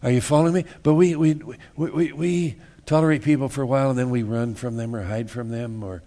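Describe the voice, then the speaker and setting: A man's voice: medium pitch, a little fast, dark tone. A joking, folksy male pastor preaching. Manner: folksy and joking, acts out little scenes, repeats words. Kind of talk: sermon. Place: church.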